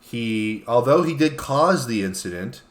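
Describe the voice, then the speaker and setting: A male co-host with an average-pitched voice and a dry, deadpan wit. He talks in a halting way, with pauses as he thinks. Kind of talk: casual chat.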